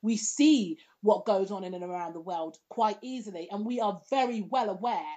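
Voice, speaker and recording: A woman chatting casually as a podcast co-host, animated, sassy and outspoken. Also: medium pitch, normal speed. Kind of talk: casual chat.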